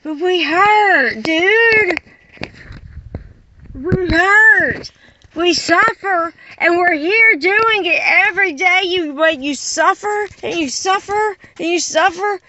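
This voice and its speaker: A woman's voice: very high-pitched, slow, muffled recording, noisy background. A woman delivering an impassioned, exasperated monologue full of rhetorical questions. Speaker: caller addressing unseen listeners.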